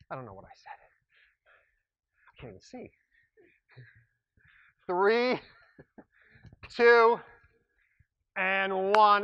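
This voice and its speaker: Upbeat, joking fitness instructor. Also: male voice, high-pitched, a bit bright, dull audio, slight background noise. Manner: upbeat, joking, breaks off mid-sentence. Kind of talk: coaching a workout class. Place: exercise room.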